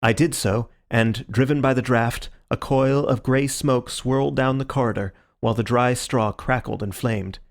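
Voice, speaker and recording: A man reading a classic detective story aloud as an audiobook narrator, in a steady storytelling manner. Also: medium pitch, moderate pace, hardly any pauses. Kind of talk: scripted narration.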